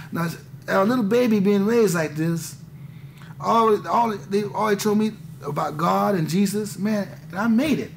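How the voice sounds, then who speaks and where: Casting: man in his thirties, high and gravelly, rambling confessional interview on hissy old tape. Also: measured pace. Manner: rambling, intense, restarts often, says "man". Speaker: interviewee, musician. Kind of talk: candid conversation.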